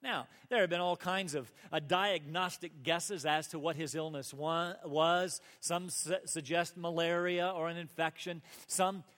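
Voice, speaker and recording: A high-pitched male pastor delivering a sermon with earnest conviction, swinging between emphatic peaks and hushed asides. His voice carries a long hall reverb. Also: steady tone, measured pace, few pauses. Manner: earnest preaching, rising to emphatic peaks and dropping to soft asides.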